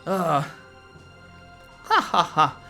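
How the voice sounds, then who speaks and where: A woman's voice: fairly low pitch, huge pitch swings, very slow, sharp tone, soft background music, voice pushed up, heavily acted. A woman reading the lines of a gloating male villain knight from a game, with taunting laughter and mockery. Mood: mocking.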